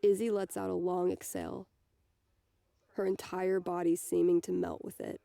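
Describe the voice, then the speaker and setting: Gravelly low-voiced woman reading a novel. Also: level tone, normal speed, mellow, no room sound. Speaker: reader.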